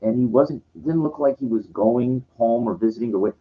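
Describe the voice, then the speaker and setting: A man's voice: medium pitch, brisk. A man talking in a meandering, profane vlog monologue, full of "you know" and "like". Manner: meandering, profane, heavy with fillers. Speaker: vlogger. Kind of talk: rambling monologue. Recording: dull lo-fi sound.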